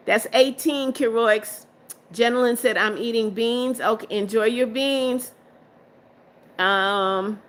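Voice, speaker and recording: A woman hosting a live stream, reading viewer comments aloud and answering them, firm and quick to block trolls. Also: medium pitch, pushed and bright. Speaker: livestream host.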